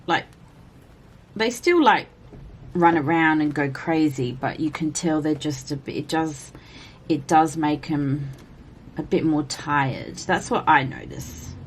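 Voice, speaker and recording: A woman chatting casually as she colors for a vlog, rambling with frequent "like" and breaking into a high baby voice for her cats. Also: takes it slowly, slight background noise. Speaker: coloring vlogger. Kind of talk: casual color-and-chat commentary.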